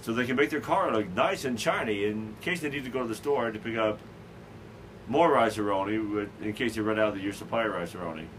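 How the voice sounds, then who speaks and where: A man's voice: on the low side, quick pace, slight background noise, low-quality recording. Rambling, stammering male show host. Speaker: podcast host. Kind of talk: casual chat.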